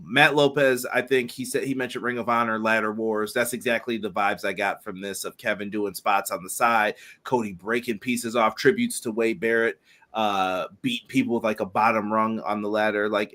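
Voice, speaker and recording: A man's voice: lowish voice, fairly bright tone. A man co-hosting a wrestling podcast, chatting casually and laughing between points. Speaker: podcast co-host.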